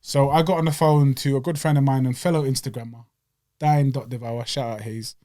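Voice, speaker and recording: A young man, telling stories in an animated, slangy way as a podcast co-host. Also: mid-range voice, a little fast. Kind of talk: casual chat.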